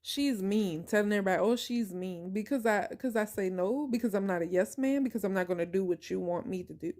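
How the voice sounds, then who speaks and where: A podcast host with a medium-pitched voice speaks fast, telling a personal story. She's emphatic and animated, addressing her listeners directly.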